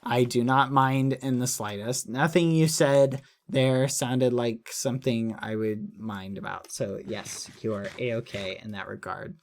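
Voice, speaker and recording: A man's voice: mid-range voice, fairly even intonation, unhurried, few pauses. A man streaming late at night who chats casually with viewers in a snarky, playful way, apologizing over and over.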